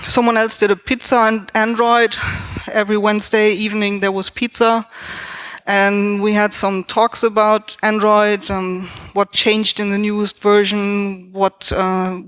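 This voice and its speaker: A woman who works in software quality assurance gives a relaxed, explanatory conference talk on team practices, thinking aloud as she goes. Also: medium pitch. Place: Berlin company.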